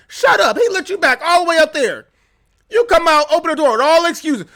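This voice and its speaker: A man hosting a reaction video, teasing and laughing loudly as he comments. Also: very high-pitched, lively intonation, fast talker. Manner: loud, sassy, laughing, teasing.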